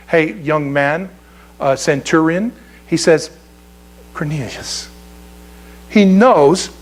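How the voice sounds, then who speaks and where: A man preaching a sermon as pastor, in a conversational, joking way, often restarting his sentences. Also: high voice. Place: church sanctuary.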